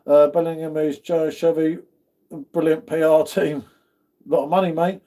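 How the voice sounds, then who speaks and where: His voice is slightly high and warm, with little pitch movement and a moderate pace. This UK livestream host casually greets viewers, reads their comments aloud, and calls everyone "mate."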